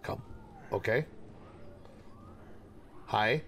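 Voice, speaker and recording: A grunting, dim-witted caveman, put on by a man in the middle of a video game commentary. He talks in broken, simple words, slow and low, with a bright edge to the tone. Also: a little hiss or hum, heavily acted. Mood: gruff. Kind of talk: let's play commentary.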